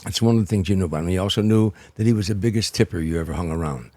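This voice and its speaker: An older man with a low, husky voice tells stories as a guest comedian, building anecdotes with restarts and repeated words. His delivery is that of a seasoned raconteur. The sound is dry and close, with no room around it. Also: racing, warm tone, dry recording. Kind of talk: anecdotal storytelling in an interview.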